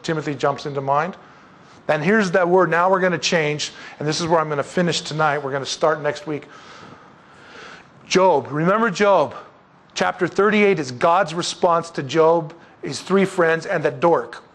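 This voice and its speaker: A man leading an evening Bible study, talking through scripture in an animated, conversational way with joking asides and rhetorical questions. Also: fairly high pitch. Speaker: Bible teacher.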